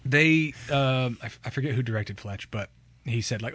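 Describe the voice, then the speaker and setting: A man co-hosting a casual podcast about movies. He rambles, circling back through his sentences. His voice is bright and clear. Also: medium pitch, moderate pace, no room sound. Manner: rambling, with many fillers and restarts. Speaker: podcast co-host.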